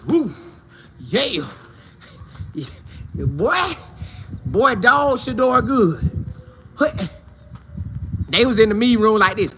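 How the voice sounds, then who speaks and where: A man hosting a casual sports talk show, animated and playful, acting out quoted coaches and players in different voices. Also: high-pitched, slow pace, long pauses, a little hiss or hum.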